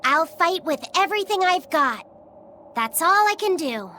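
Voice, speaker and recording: A woman voicing a gentle young boy. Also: very high-pitched, animated, unhurried, slight background noise, full character voice. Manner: soft, earnest, polite. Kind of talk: game voice acting.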